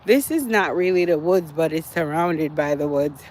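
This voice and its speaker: A man's voice: on the high side, normal speed, darkish tone, slight background noise. A man, out of breath as he walks an outdoor track, chatting to his livestream viewers and repeating himself. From Jamaica. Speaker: livestream host. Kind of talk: casual walking livestream. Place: outdoor walking track near woods at dusk.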